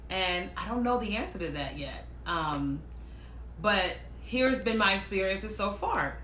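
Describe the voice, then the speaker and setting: A woman chatting casually and telling personal stories, animated and quick to act out what other people said. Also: mid-range voice, reverberant, slight background noise. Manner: animated, acts out quoted voices, laughs often. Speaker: speaker sharing personal stories. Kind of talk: casual storytelling monologue.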